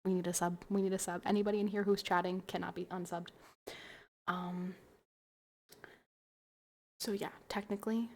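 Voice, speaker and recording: A woman's voice: mid-range voice, unhurried, creaky, pauses often, a little mellow, a little hiss or hum. A young woman streaming casually, a little tipsy from wine, giggling as she chats and thanks her viewers. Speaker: livestreamer. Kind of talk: casual stream chat while drinking wine.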